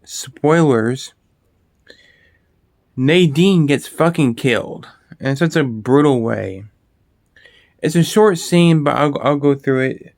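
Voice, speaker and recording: A man's voice: fairly high pitch, animated, unhurried, creaky, darkish tone, dry recording, clean studio sound. A man talking casually about horror movies, rambling and swearing freely, with frequent restarts and fillers. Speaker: video host.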